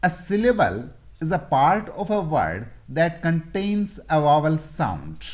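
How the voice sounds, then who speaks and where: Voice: medium pitch, sing-song, takes it slowly, a little mellow. An English teacher giving an explanatory lesson, repeating and sounding out example words.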